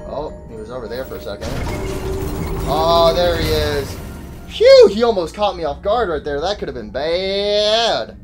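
A man giving casual gameplay commentary to his chat, excitable and joking in slang, yelping and shouting when startled. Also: fairly high pitch, normal speed, few pauses, faint music behind. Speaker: gaming YouTuber.

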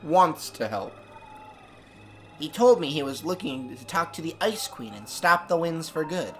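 A man's voice: a little high, animated, unhurried, fairly bright tone, soft background music. A man voicing an earnest young girl with a lisp who is searching for her grandfather in a game.

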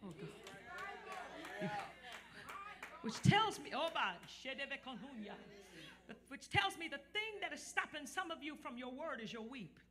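A male pastor preaching a sermon to a live church congregation, building up to shouts and teasing the crowd into responding. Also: very high voice.

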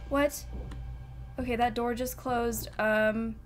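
A woman's voice: fairly high pitch, extremely slow, over music. A woman hosting a horror game let's play, jumpy and nervous, laughing through scares and chatting with her viewers. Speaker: gaming channel host.

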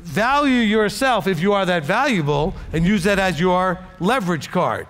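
High-voiced man teaching in an echoey hall. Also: lively intonation, normal speed, fairly bright tone. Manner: emphatic, coaching, repeats for emphasis. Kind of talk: congregational teaching and Q&A.

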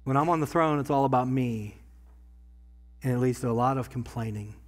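A pastor preaching a sermon in a church, talking conversationally and swinging from quiet asides to loud bursts. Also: male voice, medium pitch, fairly quick. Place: church sanctuary.

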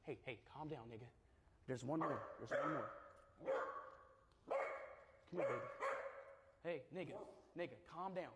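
Man, casual livestream chatter, excitable, repeats himself, slightly high voice, echoey room, dog barking in the background. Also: measured pace, pauses often. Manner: excitable, repeats short phrases over and over. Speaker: streamer. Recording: roomy echo with clear background noise.

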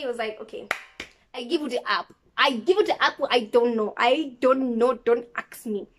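A woman's voice: on the high side, a little hiss or hum. A young woman from South Africa with an accent mixing South African and American, chatting casually and rambling to her camera. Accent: mixed South African and American. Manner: rambling, chatty, self-deprecating. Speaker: vlogger.

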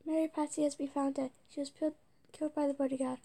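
High creaky woman playing a game. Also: little pitch movement, fast talker, mellow. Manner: stumbling, hesitant, with frequent whispered asides. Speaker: let's-play gamer. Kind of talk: casual game commentary, reading game text aloud.

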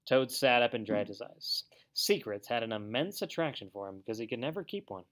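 A man teaching a children's lesson, reading aloud with a lively voice that swings widely in pitch. Expressive and animated, like a classroom read-aloud. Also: fairly quick.

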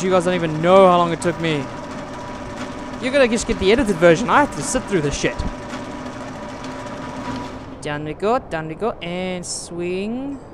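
A man's voice: sits high, noisy background. Exasperated young man swearing at a game. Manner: exasperated, swears and shouts often. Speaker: gaming video host.

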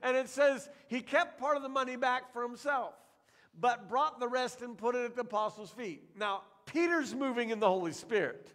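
A middle-aged man preaching a sermon in a church, telling stories in a lively way and acting out what the people in them say. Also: very high-pitched, normal speed. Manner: animated storytelling, acting out characters' lines. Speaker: pastor. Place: church sanctuary. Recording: long church hall reverb.

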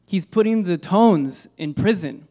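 A man's voice: high-pitched, animated, a little slow, warm tone. Hesitant man giving a poetry talk. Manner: hesitant, self-correcting, many fillers. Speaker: lecturer. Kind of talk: informal lecture on poetry with slides.

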